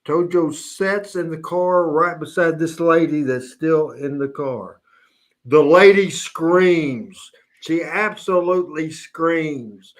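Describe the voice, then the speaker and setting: A man hosting a talk show, telling a long funny anecdote in a casual, animated way. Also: on the high side, slow pace. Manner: animated anecdote teller, mimics voices. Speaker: host. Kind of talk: casual storytelling.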